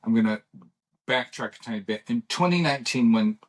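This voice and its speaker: A man's voice: mid-range voice, lively intonation, brisk. Rambling middle-aged man telling stories. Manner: rambling storyteller who restarts and acts out dialogue. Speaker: podcast co-host. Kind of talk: casual chat.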